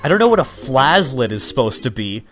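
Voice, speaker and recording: A young man chatting loosely over his gameplay, drifting from topic to topic with plenty of 'like' and 'um'. His voice sits at an ordinary middle pitch. Soft game music plays faintly behind him. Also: sing-song, brisk. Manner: rambling, full of fillers and 'like'. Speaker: let's player. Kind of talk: casual gameplay commentary.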